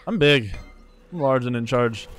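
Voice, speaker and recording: A young man streaming a game live, commenting excitedly, swearing, trash-talking and thanking viewers from chat. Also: medium pitch, unhurried, faint music behind. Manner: reads out chat and thanks donors.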